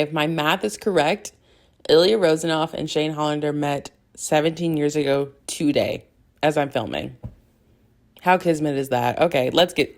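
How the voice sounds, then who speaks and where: A young woman hosts her own podcast, chatting through a recap with giggles and plenty of fillers. Her voice sits low and carries a gravelly vocal fry, and she keeps jumping from point to point in a rambling, excitable way. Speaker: podcast host. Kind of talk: casual fangirl recap.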